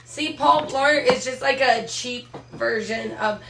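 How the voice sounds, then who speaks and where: A woman's voice: fairly high pitch, slow pace, vocal fry, fairly bright tone, reverberant, slight background noise. A woman guest on a podcast, blunt and wisecracking in casual chat.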